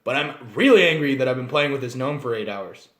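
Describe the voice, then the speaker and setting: A man casually explaining tabletop role-playing game races, animated and digressive, often slipping into acted scenes. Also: mid-range voice, quick pace. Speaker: channel host. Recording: roomy echo.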